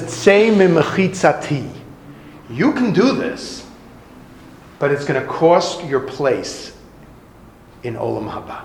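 A man's voice: high voice, a bit bright, echoey room, slight background noise, rough recording. A man giving a talk, retelling an old story with dramatic flair and acting out the voices.

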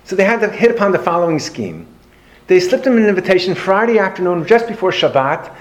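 Before a live audience, a man gives a storytelling lecture on Jewish history, animated and anecdotal with a dry sense of humor. His voice sits high and moves a little fast.

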